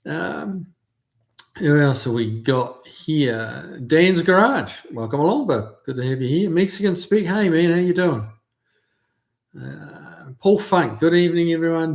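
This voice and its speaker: A man's voice: a little high, lively intonation, unhurried, creaky. Chatty New man hosting a livestream. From New Zealand. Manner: chatty, friendly, lots of fillers. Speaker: livestream host. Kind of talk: casual live chat reading viewer comments.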